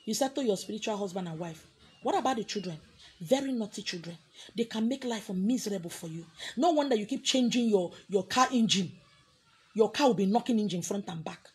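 A woman's voice: medium pitch, expressive, brisk, a little mellow, husky. A woman with a Nigerian accent, preaching as a spiritual teacher in a scolding, confrontational way. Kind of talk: preaching to an audience.

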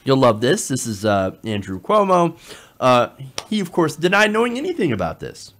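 A man giving online political commentary, talking in an animated, sarcastic way with frequent fillers. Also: medium pitch, moderate pace.

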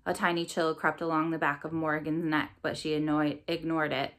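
A woman reads a chapter book aloud in a calm, cozy narration. Her voice is bright and clear, sitting slightly low in pitch. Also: normal speed, hardly any pauses. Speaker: storybook narrator. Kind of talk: reading a novel aloud.

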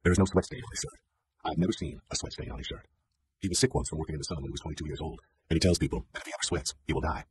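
A man narrating a literary novel as an audiobook, reading in a measured, brooding way. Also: a bass voice, breathy edge.

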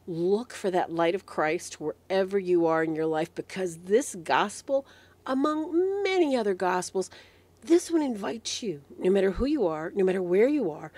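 A woman with a lowish voice hosts a devotional meditation talk, telling scripture as an animated story. She is getting over a head cold and clears her throat often. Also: dry recording. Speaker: host.

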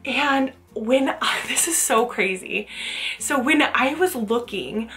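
A woman's voice: fairly high pitch, lively intonation, takes it slowly, sharp tone, faint music behind. A young adult woman vlogging casually about her shopping haul, gushing and chatty, laughing often.

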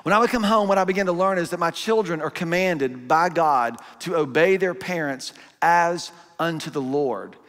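Middle-aged male pastor, fairly high voice, chatty sermon in a big reverberant hall. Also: normal speed, few pauses, fairly bright tone. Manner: conversational, acts out parents and kids in asides. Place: church auditorium.

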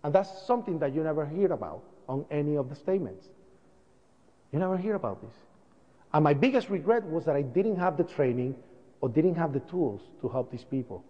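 A man giving a public talk, telling his story in an animated way and acting out sounds and voices. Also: on the high side, brisk. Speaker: speaker recounting events. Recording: dull lo-fi sound, long hall reverb.

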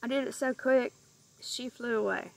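A woman's voice: fairly high pitch, normal speed, creaky, poor audio. A middle-aged woman chatting in a casual, rambling vlog outdoors, getting sidetracked and stopping to coo at her pet bird. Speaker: pet owner vlogger.

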